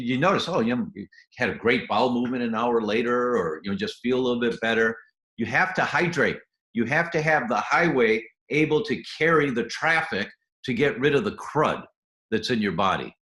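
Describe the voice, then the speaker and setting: Lively, animated man giving health advice. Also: mid-range voice, reverberant. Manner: enthusiastic, acts out little scenes in quoted voices. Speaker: guest doctor.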